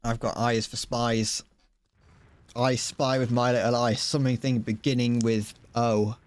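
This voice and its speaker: A man's voice: medium pitch, little pitch movement, measured pace. Rambling, playful young man streaming a game. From Britain. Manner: rambling, playful, hums to himself while playing. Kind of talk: casual gaming stream chat.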